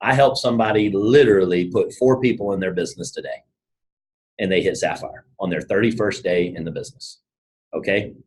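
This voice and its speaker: A man, giving an energetic, casual motivational talk to his team and telling stories. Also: lowish voice, a little fast, rough recording. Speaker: network marketing team leader.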